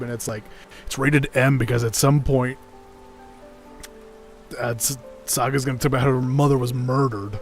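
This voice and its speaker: A man's voice: mid-range voice, normal speed, pauses often, faint music behind. A man giving casual gameplay commentary with chatty, wry asides. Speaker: gaming video creator.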